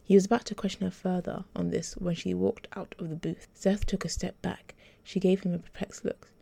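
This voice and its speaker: A woman author reading her own story aloud in an even, measured audiobook narration. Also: on the low side, vocal fry, slightly rough.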